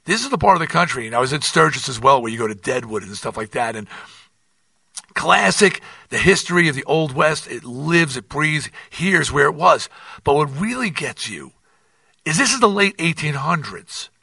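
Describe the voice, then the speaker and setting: An older man talks in a loose, rambling monologue, restarting sentences and piling on asides. His voice is gravelly, fairly high and bright. He sits a bit back from the mic in a dry, dead room. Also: normal speed, no echo, distant mic. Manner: rambling, animated storytelling with many restarts. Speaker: podcast host. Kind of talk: casual monologue.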